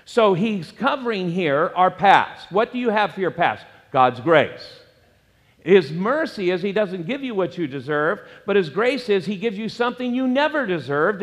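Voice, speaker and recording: Man, pastor preaching, fairly high voice, emphatic rises and drops, long church reverb. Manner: emphatic preaching with wide swings in pitch and loudness. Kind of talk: sermon. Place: church sanctuary.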